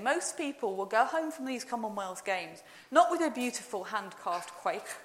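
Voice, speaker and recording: Her voice a little high and slightly bright, a woman runs a playful, chatty all-age talk in church, putting questions to the congregation. Roomy church echo fills the recording.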